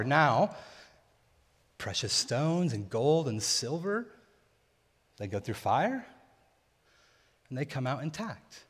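Young male pastor, conversational sermon in a reverberant hall. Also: medium pitch. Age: young adult. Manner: casual, conversational teaching.

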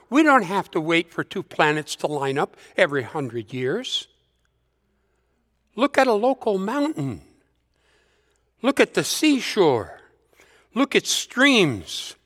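Man preaching, slow, swings way up then goes quiet on repeats, echoey hall. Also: high-pitched. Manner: slow, rising to emphatic lists, dropping to hushed repetition. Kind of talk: sermon.

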